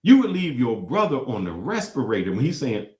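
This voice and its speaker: A man in his commentary role reacts to clips, swinging his pitch widely as he builds his points with emphatic repetition. His voice rings out in a roomy, echoey space. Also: big pitch swings, a little fast, a little mellow. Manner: emphatic, repeats phrases for effect. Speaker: show host. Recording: echoey room.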